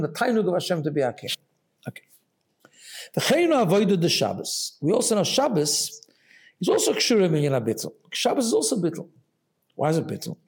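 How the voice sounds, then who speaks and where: A man with a somewhat high voice teaches a Chassidic Torah class. He explains step by step, tosses in "right?" to check on his listeners, and mixes Hebrew terms into his talk. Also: darkish tone. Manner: explanatory, asks rhetorical "right?" often, mixes Hebrew phrases.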